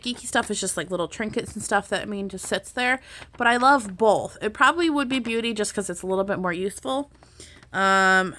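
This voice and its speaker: A woman's voice: mid-range voice, bright, forceful tone. A young adult woman chatting casually as a vlogger, answering viewer questions with lots of ums and restarts. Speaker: beauty vlogger. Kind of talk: casual Q&A chat.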